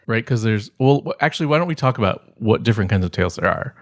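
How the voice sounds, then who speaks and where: A man's voice: on the low side, lively intonation, fast talker, no room sound, studio quality. A man co-hosting a podcast, talking casually and rambling with many restarts and fillers. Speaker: podcast co-host. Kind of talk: casual chat.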